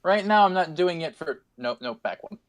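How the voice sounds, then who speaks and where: A man's voice: on the high side, animated, normal speed. Laid-back man at the game table. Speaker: player. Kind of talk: casual tabletop game talk.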